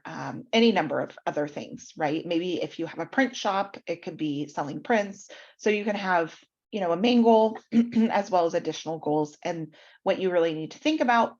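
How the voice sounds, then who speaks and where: A woman's voice: on the low side, darkish tone, lo-fi sound. A woman hosting an online workshop, explaining website feedback step by step with frequent ums, over a video call. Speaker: mentor reviewing websites.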